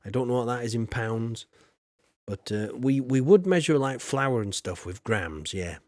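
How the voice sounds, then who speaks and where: A man's voice: mid-range voice, lively intonation, normal speed, darkish tone, no room sound, studio quality. A man chatting casually while streaming a game, rambling and laughing often as he reads his chat.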